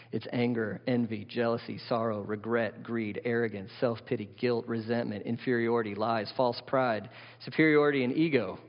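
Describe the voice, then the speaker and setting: In a mid-range voice, a male pastor delivers an animated sermon, posing questions to the congregation. The audio is dull and lo-fi, with the long reverb of a hall.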